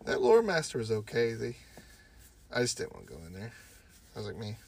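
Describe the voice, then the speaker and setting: A man's voice: mid-range voice, sing-song, fairly quick, vocal fry, darkish tone, slightly rough. Laughing, foul-mouthed male podcast host. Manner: joking, swears freely, breaks into laughter. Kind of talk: casual crude banter.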